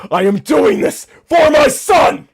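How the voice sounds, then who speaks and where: A man voicing a proud male warrior chieftain who speaks loudly and pleads. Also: very high voice, big pitch swings, takes it slowly, whispered, pitched above the performer's own voice, full character voice. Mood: passionate.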